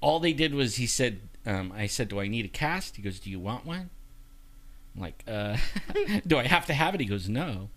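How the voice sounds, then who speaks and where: Guy telling his story on a talk show, animated, does the voices of people, laughs a lot. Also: medium pitch, normal speed. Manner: animated, acts out quoted voices, laughs often. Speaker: guest. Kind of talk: casual storytelling.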